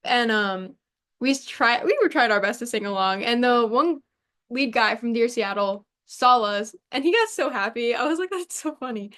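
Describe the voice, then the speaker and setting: Young woman cohost, highish voice, animated, quick asides, laughs. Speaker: podcast co-host. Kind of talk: casual chat.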